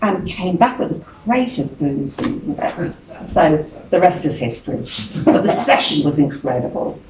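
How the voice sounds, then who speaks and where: A woman's voice: fairly low pitch, unhurried, noisy background. An older woman with a Birmingham accent, a singer chatting as an interview guest, telling stories animatedly with frequent laughs. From England. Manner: chatty, animated, laughs often, acts out other voices. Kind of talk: casual storytelling interview. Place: venue room. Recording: distant mic in echoey room.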